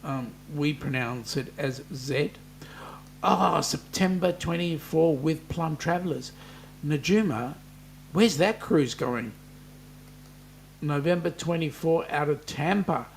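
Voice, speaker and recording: A man's voice: fairly high pitch, slow, creaky, slight background noise. An Australian man hosting a casual live chat, reading out viewer comments and joking with them.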